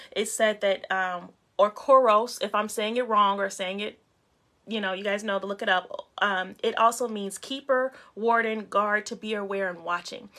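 A woman's voice: medium pitch, bright, forceful tone. A young adult woman hosting a faith talk show in a casual teaching style, speaking straight to her viewers and greeting them by name.

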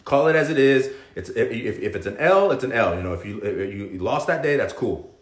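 A man's voice: lowish voice, a little fast, roomy sound. A man hosting a fitness live stream, giving a motivational pep talk and checking in with "okay?" between points. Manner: pep-talk, keeps asking "okay?" and "right?"; animated, swings between loud and hushed.

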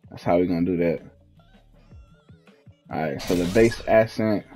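Young male gaming host, low mellow slangy delivery, faint music underneath. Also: normal speed. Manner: laid-back slangy, trails off while thinking. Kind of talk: casual gameplay walkthrough. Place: at home, in his fiancée's house.

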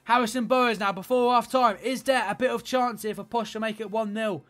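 A young man giving play-by-play commentary on his own football video game, swinging between low grumbling and shouted excitement. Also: brisk. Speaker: gaming YouTuber playing football career mode.

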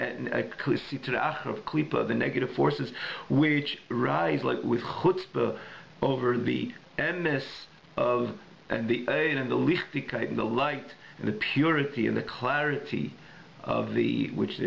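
Gravelly rabbi teaching a class. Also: male voice, medium pitch, dull audio, a little hiss or hum. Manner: weaves Hebrew and Yiddish terms into English, restating each phrase several ways; thinking aloud with frequent restarts and searching pauses. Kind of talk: recorded adult education class. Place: synagogue classroom.

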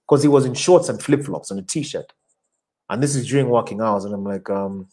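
A man's voice: medium pitch, fast talker, slight background noise, rough recording. A man, an advertising creative director, answering audience questions in a casual interview, talking animatedly and often repeating words as he looks for the next one. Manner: animated, repeats words while searching for them.

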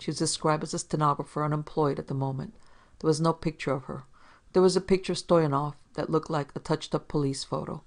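A podcast narrator reading a 1940s crime story in an even, measured way. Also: medium pitch.

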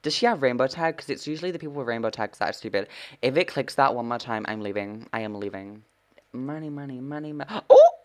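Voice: medium pitch, fast. A gameplay streamer giving live commentary, full of sassy trash talk, swearing and dramatic gasps.

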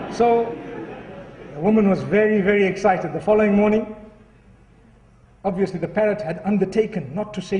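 High-voiced preacher in an echoey hall. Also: male voice, fairly quick, far from the mic, noisy background. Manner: storytelling, lively and earnest. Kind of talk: sermon.

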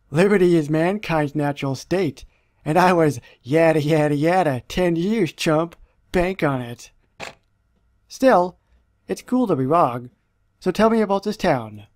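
A man's voice: on the high side, darkish tone, no echo. A man reading out a brash, boastful George Washington from a mobile game in a cocky, slangy way, recorded close on a dry mic.

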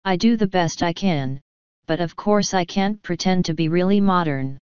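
A woman's voice: fairly low pitch, normal speed, a little mellow, smooth, no echo, highs cut off, lightly acted. A woman reading the part of an elderly, rheumatic country vicar who speaks pleasantly and a little sadly. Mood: rueful. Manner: pleasant, sad, apologetic. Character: elderly male vicar, gentle, rheumatic, mildly grumbling.

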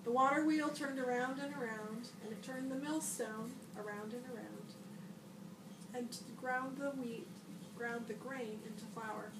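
Woman librarian reading a children's storybook aloud, high voice, expressive, a bit off-mic in an echoey room with noise behind. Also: a little slow, far from the mic. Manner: expressive storybook reading, bright shouts for the boy's lines. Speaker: school librarian.

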